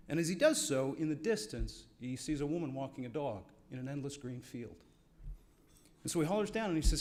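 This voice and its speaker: A man's voice: on the high side, animated, quick pace, a little mellow. A man presenting an award at an evening banquet, telling a wry parable with dry asides to the room. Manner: wry storytelling, playing to the room. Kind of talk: after-dinner speech with a joke. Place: banquet hall.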